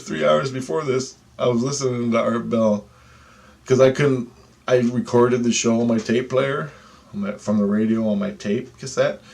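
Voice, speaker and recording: A man telling a rambling spiritual story in a casual way, swearing often, dropping to hushed tones and then shouting. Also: lowish voice. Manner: excitable, profane, jumps from hushed to shouting; rambling, restarts often, asks listeners "okay?".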